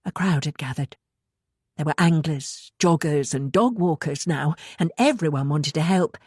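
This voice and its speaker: A woman narrates a thriller audiobook in an even, measured tone. Her voice sits low, and the close studio mic gives a dry sound. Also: husky, dry recording. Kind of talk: scripted narration.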